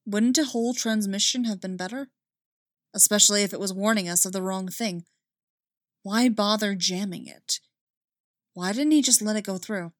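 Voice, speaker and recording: A woman voicing a calm male Jedi who speaks quietly and gently with curiosity. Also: mid-range voice, normal speed, long pauses, no echo, clean studio sound, close to an everyday voice. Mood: probing.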